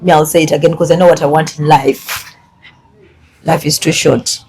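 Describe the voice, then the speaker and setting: A woman talks casually with a slightly low voice. She switches freely between English and Luganda. She teases, then turns apologetic. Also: steady tone, moderate pace, a little mellow, slight background noise. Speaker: host. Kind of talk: casual chat.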